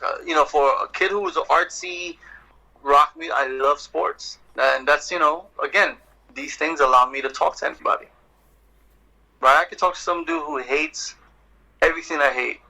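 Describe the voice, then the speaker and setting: Middle-aged man, bright tense voice, loose swearing podcast storyteller. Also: fairly high pitch, vocal fry, rough recording. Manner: animated, profane storyteller, acts out exchanges. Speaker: poet and guest. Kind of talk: casual podcast conversation.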